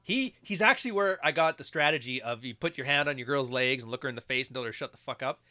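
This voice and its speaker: A man's voice: medium pitch, animated, fast, sharp tone. A man hosting a podcast, giving crude, joking commentary on video clips and laughing often. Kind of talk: casual reaction commentary.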